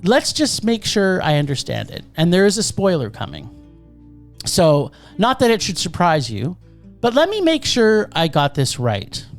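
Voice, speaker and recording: This is an animated, sarcastic movie rant from a podcast co-host chatting casually. Soft music plays underneath, and the delivery holds a medium pitch at a moderate speed.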